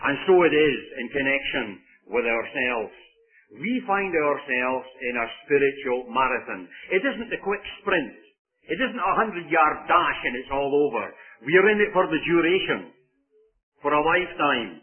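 A man's voice: on the high side, animated, moderate pace. A man preaching a sermon in an earnest, conversational way, telling stories to make his points. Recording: tinny phone-like radio broadcast.

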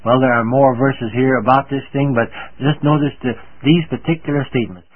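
An older man teaching the Bible on the radio, speaking earnestly and emphatically and reading scripture slowly. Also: mid-range voice, steady tone. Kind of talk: radio sermon. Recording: narrow tinny old radio broadcast.

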